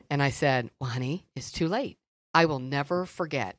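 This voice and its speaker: Low-voiced, animated woman podcaster. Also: fairly quick, no room sound, studio quality. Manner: earnest, animated storytelling. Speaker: podcast co-host. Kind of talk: faith-based conversational teaching.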